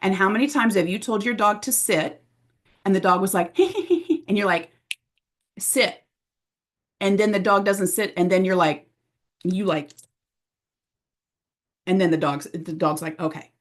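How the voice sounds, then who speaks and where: A woman giving a motivational sales training talk, acting out little scenes in high, playful voices. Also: normal speed, pauses often. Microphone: presenting to a camera audience.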